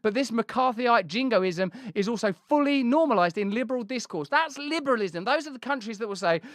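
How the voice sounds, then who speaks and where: Man, host, casual political commentary, high voice, smooth dry studio sound. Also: a little fast, dry recording. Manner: animated, jokey, puts on silly voices.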